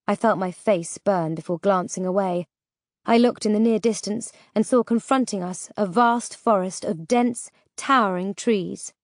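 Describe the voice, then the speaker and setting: A woman reading a first-person audiobook in scripted narration, steady and even. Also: mid-range voice, measured pace, no room sound, studio quality.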